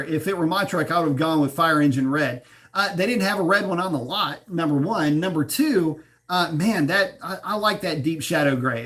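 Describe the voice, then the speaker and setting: Chatty car-show livestream host, slightly high voice. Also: male voice, fairly bright tone. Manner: chatty, reads viewer comments aloud and riffs on them; swears and laughs at his own slips. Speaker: livestream host reading chat. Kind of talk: casual live chat about cars.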